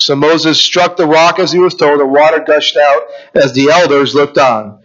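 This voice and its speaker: A man preaching to his congregation in a fairly high voice. He builds through repeated questions and reads scripture aloud. The recording sounds dull and lo-fi. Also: fairly even intonation, normal speed, hardly any pauses, a bit bright. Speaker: pastor. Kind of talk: sermon.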